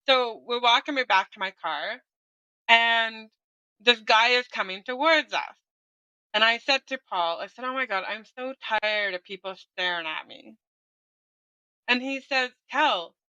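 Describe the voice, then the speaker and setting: A woman's voice: on the high side, a little slow, long pauses, bright, forceful tone, clean tone, no room sound, muffled recording. A middle-aged woman guest candidly telling her own story in conversation, often ending on a tag question. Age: 40s or older.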